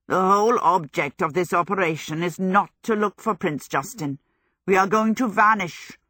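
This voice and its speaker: A vain young wizard with a heavy cold, croaking and playing for sympathy in a higher, louder voice than the reader's own, as a woman reads him aloud. Every line is theatrical and sorry for itself. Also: moderate pace, dry recording, clean studio sound. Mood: self-pitying. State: hoarse with a cold.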